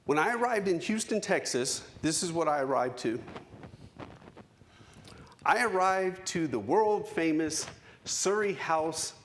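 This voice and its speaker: A man in his forties giving a keynote speech, telling a personal story with dramatic pauses and emphasis. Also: a little high, expressive, fairly bright tone, a little hiss or hum. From United States. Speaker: keynote speaker. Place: conference hall stage.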